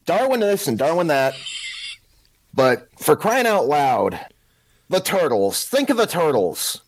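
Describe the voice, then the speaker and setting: Lively, high-ish male storyteller. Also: takes it slowly, slightly rough. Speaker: podcast co-host. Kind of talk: casual panel chat.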